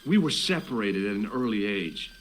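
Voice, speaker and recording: A man's voice: lowish voice, very animated, moderate pace, rough recording. An actor voicing a joking young American man, the hero of a video game, with an American accent. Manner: dry and joking.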